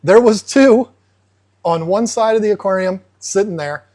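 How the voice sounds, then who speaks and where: A man's voice: sits high, normal speed. A man hosting an aquarium channel, explaining casually and acting out fish in playful asides. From United States. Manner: animated, acts out fish voices in asides.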